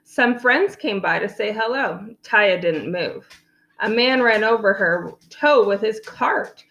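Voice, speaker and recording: A woman reading a picture book aloud in an animated way, adding playful asides. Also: medium pitch, slow. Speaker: storyteller.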